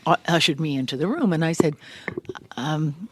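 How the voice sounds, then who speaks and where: Animated older woman telling a story. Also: deep voice, normal speed, no echo. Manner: animated, breathy-voiced storyteller who acts out quotes. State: voice a little harried. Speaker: guest actress. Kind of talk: casual storytelling interview. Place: large room used as a podcast studio.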